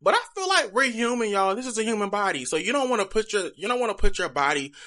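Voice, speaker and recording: A man's voice: high-pitched, very animated, quick pace, sharp tone. A young man talking to viewers in a candid, chatty confessional vlog. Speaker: vlogger.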